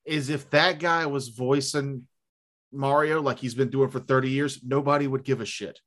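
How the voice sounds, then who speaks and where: A man's voice: mid-range voice, fairly even intonation, moderate pace, a bit bright. A man co-hosting a podcast in casual chat, wry and contrarian. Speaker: podcast co-host.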